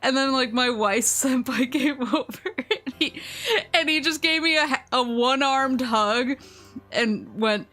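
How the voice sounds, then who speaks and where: A woman vtuber chatting casually on stream, telling a long rambling story, laughing often and quoting people in lively voices. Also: sits high, measured pace, soft background music.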